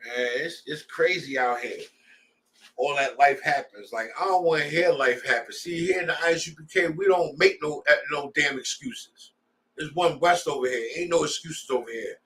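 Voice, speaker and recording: A man's voice: fairly high pitch, normal speed, a bit bright, far from the mic. A man leading a scripture class, preaching in a heated, blunt way with street slang. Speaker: class leader.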